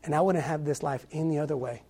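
Young male preacher, husky, earnest testimony with stammered restarts. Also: a little high, fast talker, dark tone. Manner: earnest, repeats words often, stammering restarts. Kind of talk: sermon testimony.

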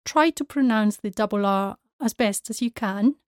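A woman's voice: fairly high pitch, darkish tone, no room sound, studio quality. A woman hosting a Spanish language lesson podcast, saying words carefully one by one and explaining how to pronounce them. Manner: careful, deliberate word-by-word pronunciation drills. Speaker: Spanish teacher and podcast host. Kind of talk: slow, clearly spoken language lesson.

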